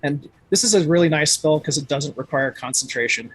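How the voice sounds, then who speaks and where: A man's voice: a little high, a little fast, slightly rough, no room sound, faint music behind. A man taking part in a tabletop game as a player, chatting in a playful, jokey way. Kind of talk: casual tabletop game talk.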